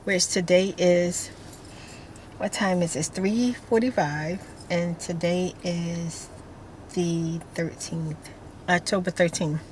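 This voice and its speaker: A woman vlogger chatting casually to her viewers in a relaxed, rambling way. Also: fairly low pitch, slow, a little hiss or hum. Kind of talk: casual vlog chat.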